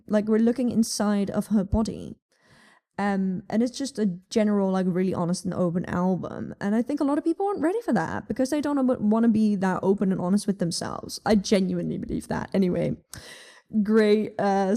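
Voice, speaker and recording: A woman's voice: mid-range voice, mellow. A young woman with a Dutch accent chatting casually about music, with lots of ums and likes and frequent swearing. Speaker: music vlogger. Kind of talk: casual music review chat.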